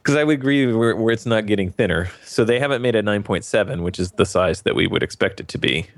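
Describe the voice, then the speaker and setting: Male podcast co-host, very deep gravelly voice, dry sound, wry questions. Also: quick pace. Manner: wry, questioning, laughs easily. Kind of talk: casual tech podcast chat.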